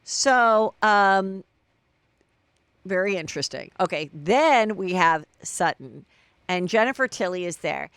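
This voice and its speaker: A woman hosts a solo celebrity gossip podcast, chatting and gossiping while acting out people's quotes. She speaks slowly in a lowish, expressive, slightly bright and clean voice, recorded dry.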